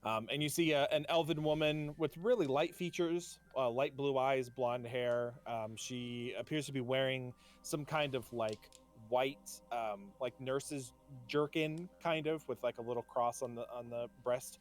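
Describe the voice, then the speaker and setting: A man running a tabletop game as game master, describing scenes with many ums and pauses. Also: medium pitch, fairly even intonation. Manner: hesitant, many fillers.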